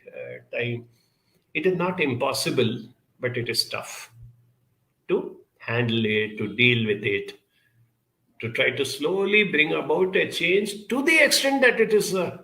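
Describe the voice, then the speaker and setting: A man giving a measured advice talk, answering viewer questions with deliberate phrasing, repeated words and frequent "uh" fillers. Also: medium pitch, vocal fry, bright, forceful tone, echoey room, poor audio.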